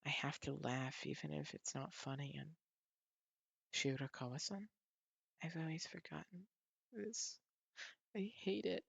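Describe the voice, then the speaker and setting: A man voicing a tired young office woman with a soft, whispery voice, reading a comic aloud. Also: on the high side, fairly even intonation, unhurried, creaky, long pauses, husky, dry recording, full character voice. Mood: weary.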